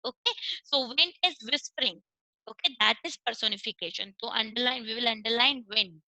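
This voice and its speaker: A woman's voice: fairly high pitch, fairly quick, sharp tone, no echo, poor audio. A woman teacher with an Indian accent giving an online class, explaining step by step and mixing English with Hindi. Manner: explains step by step, switching between English and Hindi, checks with "okay".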